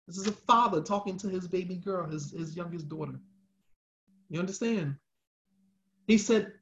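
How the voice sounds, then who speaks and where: A man's voice: high voice, normal speed, long pauses, a bit bright, highs cut off. A man telling a religious story in a casual, slangy lecture style, repeating lines for emphasis.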